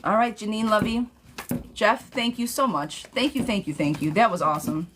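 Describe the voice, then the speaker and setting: A woman talks at normal speed over a noisy background while hosting a live-stream tarot reading. She's blunt and sassy, calls viewers "girlfriend," and now and then erupts into high, excited gushing.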